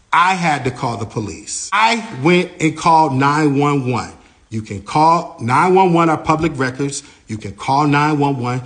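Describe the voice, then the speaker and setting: A man, a manager, giving a lively first-person account of an incident, his voice rising and getting louder as he gets heated. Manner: animated, grows louder and higher when heated.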